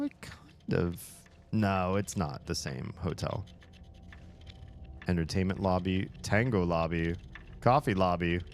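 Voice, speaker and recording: A man's voice: sits low, a little mellow, slight background noise. A man playing a video game and commenting casually, with wry, chatty reactions. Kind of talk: casual let's-play commentary.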